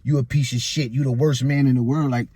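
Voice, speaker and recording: A frustrated young man venting to his phone outdoors, rambling and circling back on his own words. His voice sits at an ordinary middle pitch, and his talk is loose, repetitive and heated. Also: steady tone, brisk, dark tone, breathy edge, no room sound. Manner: frustrated, rambling, repeats himself. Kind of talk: venting vlog monologue. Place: outdoors in a busy public area.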